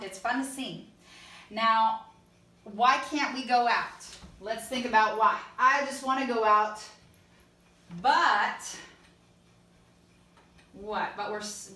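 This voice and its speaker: A woman's voice: mid-range voice, bright, forceful tone. A woman music teacher giving an online songwriting lesson, explaining step by step and singing short lines to check them. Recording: echoey room, a bit far from mic.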